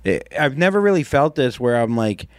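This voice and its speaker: A man's voice: mid-range voice, sing-song, moderate pace, no echo, studio quality. A man co-hosting a podcast, talking casually and earnestly in long rambling sentences, swearing now and then. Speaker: podcast co-host. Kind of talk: casual chat.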